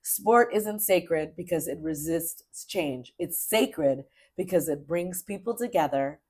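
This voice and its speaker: A middle-aged woman co-hosting a casual sports podcast, chatty and emphatic, rambling with quick restarts. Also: deep voice, darkish tone, a little hiss or hum. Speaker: podcast co-host.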